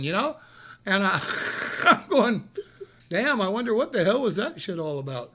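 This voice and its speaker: A man telling a story casually on a live stream, animated, swearing freely and laughing as he goes. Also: high-pitched, moderate pace.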